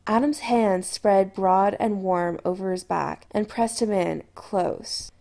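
A woman narrating a story aloud in an expressive, storytelling manner. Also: mid-range voice, slow pace, vocal fry. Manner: expressive storytelling with lively intonation. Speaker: audiobook narrator. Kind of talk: scripted narration.

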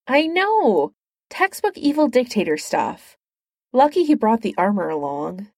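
Woman voicing a flirtatious male pilot, wry, teasing, lively, dry sound. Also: fairly high pitch, unhurried, no echo, pitched above the performer's own voice, full character voice. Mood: bantering. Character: quick-witted flirtatious male inventor pilot.

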